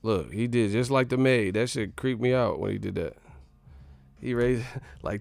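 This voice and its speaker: A young male stream host for boxing, with a gravelly voice and a dry, close sound, rambling and profane. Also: mid-range voice, a little slow, no room sound. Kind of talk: live-stream commentary.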